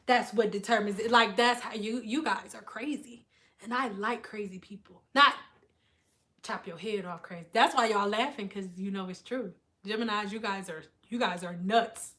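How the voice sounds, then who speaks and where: A woman and former hairstylist chatting casually to her viewers, telling stories in an animated way, swearing freely and acting out what people say. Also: medium pitch, moderate pace. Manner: animated storyteller, swears freely, acts out quotes. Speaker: beauty vlogger, former hairstylist.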